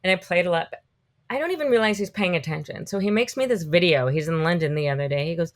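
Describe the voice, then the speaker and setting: A woman in her fifties, a podcast guest, telling animated, rambling stories in a casual interview. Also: lowish voice, fast. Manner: animated, rambling storytelling full of "like".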